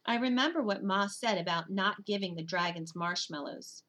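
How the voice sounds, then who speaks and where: Bright-voiced woman narrating a storybook. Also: medium pitch, moderate pace. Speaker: audiobook narrator. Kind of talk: first-person storybook narration.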